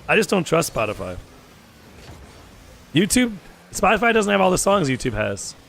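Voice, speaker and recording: Hoarse young male streamer with a raised, gravelly voice. Easygoing, profane game chatter. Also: high-pitched, very animated, moderate pace, fairly bright tone, a little hiss or hum. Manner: chatty, swears freely, calls people dude. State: hoarse, sore throat. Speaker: gaming streamer. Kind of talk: casual gaming chat with viewers. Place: home gaming setup.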